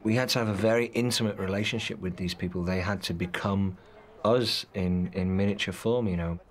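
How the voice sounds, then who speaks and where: A man with a lowish voice tells behind-the-scenes stories in an interview. He talks in an easy, anecdotal way. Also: fairly even intonation, a little fast. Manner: storytelling, mimics voices. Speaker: cast member interviewed.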